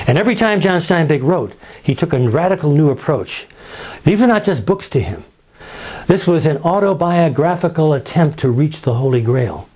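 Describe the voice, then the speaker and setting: A husky, fairly high-voiced man spins a story as a guide. He leans on rhetorical questions and slips into the voices of the people he quotes, bringing the tale to life. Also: mellow. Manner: dramatic, acts out quotes in changing voices. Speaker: museum guide. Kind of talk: storytelling talk.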